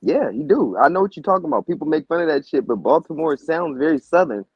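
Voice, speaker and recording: A man's voice: fairly high pitch, expressive, quick pace, slightly rough, no room sound. A man talking in a laid-back, slangy casual chat and laughing now and then. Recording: dull, lo-fi dry audio.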